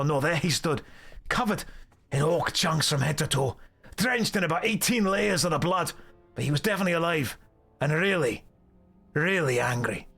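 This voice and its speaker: Man doing a Scottish dwarf, rambling yarn-spinner, raised pitch, rolling brogue, folksy game character. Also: fairly bright tone, full character voice. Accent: put-on Scottish. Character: boastful rambling male dwarf storyteller. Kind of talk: reading game quest dialogue aloud.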